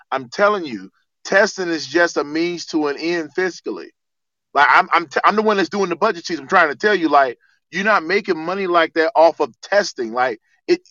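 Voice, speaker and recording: A man with a bright, sharp voice who argues his case insistently. He repeats himself and cuts into the others. The sound is dull, as if from a muffled call line. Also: on the high side, no room sound. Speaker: guest with a medical budget job. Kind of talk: casual debate chat.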